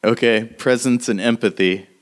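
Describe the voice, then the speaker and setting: A man's voice: medium pitch, steady tone, moderate pace. A man narrating a tabletop game as game master, in a casual way with lots of fillers.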